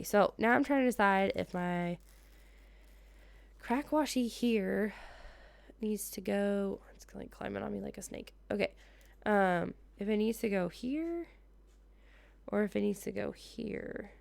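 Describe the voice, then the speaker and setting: A woman's voice: medium pitch, creaky, a little mellow, no echo. A woman in her thirties from the United States, chatting casually in her living room as she decorates a planner, laughing often and muttering to herself. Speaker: planner vlogger. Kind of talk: casual plan-with-me chat.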